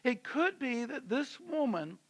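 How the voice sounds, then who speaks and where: A male pastor delivers a sermon in a relaxed, conversational storytelling way, slipping in and out of the characters' voices. His voice is very high-pitched for a man. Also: unhurried. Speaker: senior pastor. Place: church.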